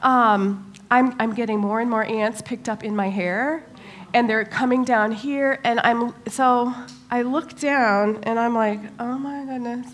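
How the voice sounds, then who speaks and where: Animated woman telling a story. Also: on the high side, measured pace, a little hiss or hum. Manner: animated storytelling, many ums. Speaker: church speaker. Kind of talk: personal story in a church talk.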